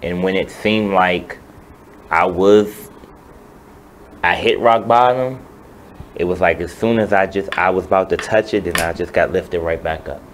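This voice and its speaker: Deep-voiced man in his thirties. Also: a little slow, pauses often, a little hiss or hum, poor audio. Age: 30s. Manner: earnest and rambling, many "um" and "you know". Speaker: musician guest. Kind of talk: casual interview chat.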